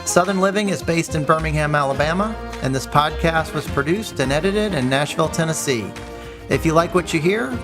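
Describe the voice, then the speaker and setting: Male podcast host, measured outro read, slightly high voice, guitar bed underneath. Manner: polite, measured announcer delivery. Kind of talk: interview hosting and scripted outro. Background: guitar music.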